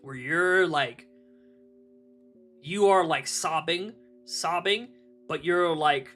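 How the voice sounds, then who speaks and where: Young man, streamer, casual live chat, bright forceful voice, swears a lot, laughs often, faint music behind. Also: on the high side, a little slow.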